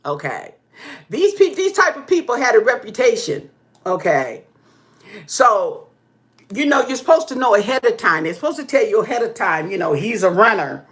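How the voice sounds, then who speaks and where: Woman vlogging from her room, voice swoops all over, kinda high, laughs and hollers a lot, keeps saying okay to the viewers. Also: moderate pace. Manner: animated, whoops and laughs often; talks straight to viewers with frequent "okay?". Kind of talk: casual storytelling chat. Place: indoor room with pink walls.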